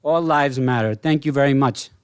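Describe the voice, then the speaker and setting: A man's voice: mid-range voice, normal speed, smooth, no echo. A man reading a grave, impassioned prepared statement at a village board meeting. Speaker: resident speaking at public comment. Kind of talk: prepared public comment read aloud.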